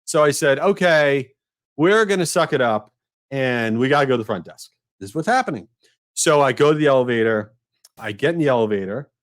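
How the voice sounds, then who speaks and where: A middle-aged man hosting a podcast, telling an embarrassing story in a casual, animated, self-mocking way. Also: a little fast. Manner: animated, self-mocking, rising to a high squeal at punchlines. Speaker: podcast host.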